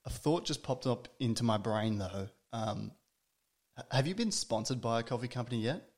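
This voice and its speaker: A man's voice: medium pitch, animated, moderate pace, darkish tone. Male host, conversational, teasing, mid-range voice. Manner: chatty, teasing, stumbling restarts. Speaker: podcast host. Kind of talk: casual interview chat.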